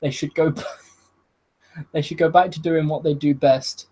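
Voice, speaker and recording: A man giving a solo review of a wrestling show, excitable and laughing, swearing often and acting out what the wrestlers said. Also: on the high side, measured pace, breathy edge, low-quality recording. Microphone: video call.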